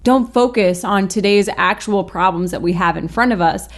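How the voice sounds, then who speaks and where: A woman's voice: medium pitch, moderate pace. A woman hosting a chatty, sarcastic reaction commentary, peppered with likes. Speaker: commentary host.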